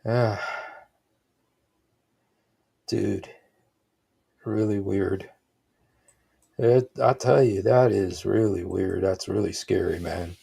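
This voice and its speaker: A man's voice: on the low side, fairly even intonation, slow, gravelly, pauses often, warm tone, slightly rough. A man hosting a livestream, giving rambling, casual reaction commentary with frequent exclaimed asides. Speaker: livestream host.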